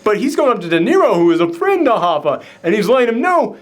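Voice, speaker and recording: A man's voice: sits high, big pitch swings, fast talker, hardly any pauses. A man hosting a casual movie reaction chat, enthusiastic and rambling, with lots of fillers and restarts. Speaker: film review show host.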